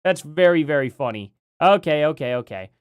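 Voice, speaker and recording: A man's voice: a little high, expressive, brisk, clean tone, dry recording. A man chats his way through a live stream, rambling from thought to thought and laughing often. His voice swings up and down freely as he talks. The sound is dry and close, with no room around it. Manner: rambling, chatty, laughs often, reads chat aloud. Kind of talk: casual live stream chat.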